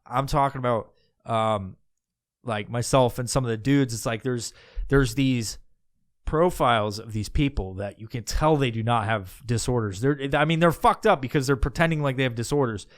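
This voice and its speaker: Smooth-voiced man ranting with heavy profanity. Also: mid-range voice, moderate pace. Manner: crude, heavy swearing, mocking. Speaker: podcast host. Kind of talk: profane ranting podcast monologue.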